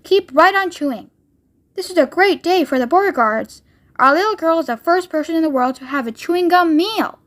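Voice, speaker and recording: Woman doing a boastful pushy dad, commanding, high voice, storybook read-aloud. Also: expressive, fairly quick. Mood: proud. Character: boastful, pushy middle-aged father.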